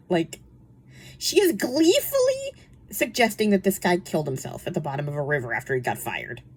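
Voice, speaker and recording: A slightly husky young woman talks about books in a loose, rambling way. Her pitch rises and falls a lot. She fills her sentences with fillers and laughs often. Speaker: book reviewer. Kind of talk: casual chat.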